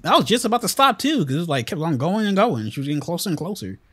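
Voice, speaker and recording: Male gamer, high lively voice, loud and profane, hammy mock-dramatic reactions. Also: fast, husky. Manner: loud, excitable, swears often, mock-dramatic pleas. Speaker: gaming channel host. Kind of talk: let's play commentary.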